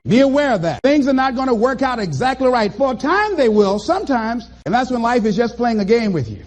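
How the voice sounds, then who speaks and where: A man's voice: extremely high pitch, darkish tone. A man giving a motivational speech to a live audience, emphatic and preachy, repeating short commands and acting out little scenes. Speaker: motivational speaker.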